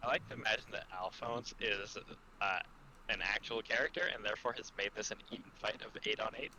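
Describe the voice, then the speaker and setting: Wry male player, very bright voice, faint background hiss. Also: lowish voice, fairly even intonation, quick pace, low-quality recording. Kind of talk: casual game chat.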